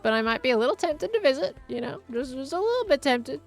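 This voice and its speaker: A woman's voice: high voice, big pitch swings, fast, vocal fry, soft background music. A woman chatting casually on a gameplay livestream, reading viewer messages aloud and answering them as she plays. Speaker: streamer.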